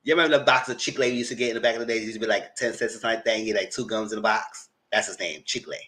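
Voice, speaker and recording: A man giving casual, chatty recap commentary on a reality show, often jumping into a high voice to mimic people. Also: very fast. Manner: chatty, animated, mock-quotes people in a high voice. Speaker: TV recap host.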